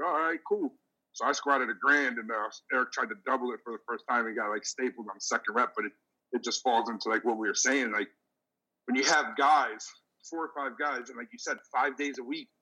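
Middle-aged male lifter host, bright, forceful tone, swears freely, animated storyteller. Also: medium pitch, fast talker, low-quality recording. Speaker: podcast host, veteran powerlifter. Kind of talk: casual chat.

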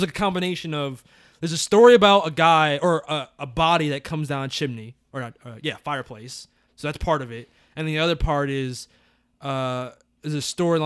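A man co-hosting a movie-review podcast in casual chat, telling stories in an animated way and swearing casually. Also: mid-range voice, clear, resonant tone, dry recording, studio quality.

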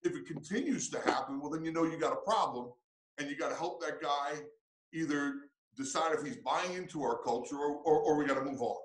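A man's voice: a little high, a little fast, reverberant, slight background noise, poor audio. A man who coaches, answering interview questions in an earnest, reflective way with frequent restarts.

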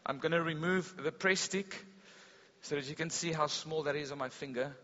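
A man delivers a sermon in a big hall, his bright, fairly high voice ringing with a long echo. The sound is a bit dull and lo-fi. He tells stories with animation, going loud and then suddenly quiet. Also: normal speed. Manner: animated storytelling preacher, swings between loud and hushed. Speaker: pastor. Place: school hall service.

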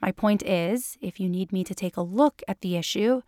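A composed female doctor and agent, voiced by a woman reader. She speaks calmly and dryly at a middle pitch. The recording is close and dry. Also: moderate pace, no echo, natural voice.

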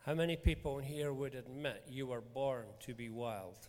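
An older man preaching a sermon, telling stories in an animated, emphatic way. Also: mid-range voice, normal speed. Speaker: pastor. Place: church hall. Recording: long reverb of a large hall.

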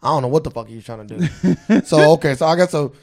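A man's voice: on the high side, fast, a little mellow. A young man co-hosting a podcast in casual chat, sarcastic and needling, mock-indignant. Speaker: podcast co-host.

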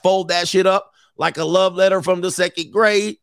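A brash man with a fairly high voice riffs over a clip he is reacting to, slipping into sing-song mock voices. The sound is close and dry, with no room around it. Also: fairly even intonation, moderate pace, smooth, no echo. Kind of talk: animated reaction commentary.

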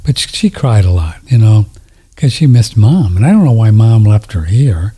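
A man's voice: fairly low pitch, lively intonation, moderate pace, warm tone, husky. A man telling a story in a casual chat on a studio mic, rambling, emotional and tender, often laughing.

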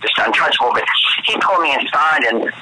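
A man's voice: on the high side, expressive, brisk, background noise. A man with a Southern accent, a guest actor telling campy, chatty stories in an interview. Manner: chatty, campy storyteller, calls people honey. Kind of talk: anecdotal interview chat.

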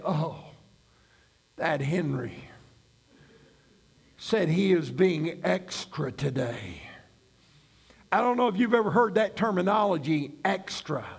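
A middle-aged man preaching a sermon, building to shouted emphasis on key phrases. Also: high-pitched, gravelly. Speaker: pastor.

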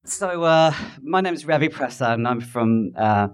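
A man's voice: medium pitch, lively intonation, moderate pace, smooth. A middle-aged man from Adelaide telling his story with wry humor to an audience. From Adelaide, Australia. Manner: wry, self-deprecating, with playful impressions and asides. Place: event hall with audience. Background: audience laughter.

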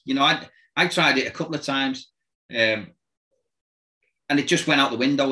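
Ex football boss telling stories, bright punchy voice, keeps doing the voices and sounds, cracks himself up. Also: male voice, mid-range voice, rough recording. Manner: animated anecdotes, acts out voices and sounds, laughs often. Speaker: former football manager. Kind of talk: casual storytelling chat.

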